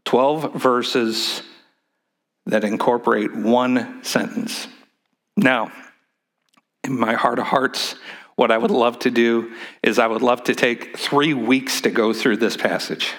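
A man preaching from the pulpit in a church sanctuary, his voice neither high nor low. He talks to the congregation casually, cracks jokes and leads them through call-and-response. His sentences often restart with repeated words. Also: fairly even intonation, slow, fairly bright tone. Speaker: pastor. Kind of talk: sermon.

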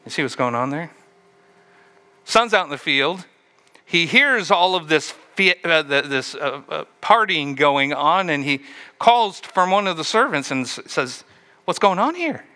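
A man's voice: on the high side, expressive, unhurried, sharp tone. A man preaching a sermon, retelling a story and asking the listeners questions along the way. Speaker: pastor.

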